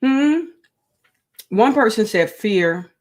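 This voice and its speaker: A woman's voice: a little high, lively intonation, takes it slowly. A woman hosting a crochet livestream, chatting casually with viewers and reading their comments aloud.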